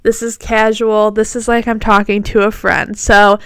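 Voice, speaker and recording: A woman's voice: mid-range voice, little pitch movement, normal speed, a bit bright, smooth, no room sound. A woman hosting her own podcast, chatting casually and encouragingly in her morning voice, with fillers and self-corrections as if talking to a friend. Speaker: podcast host. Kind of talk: casual solo podcast talk.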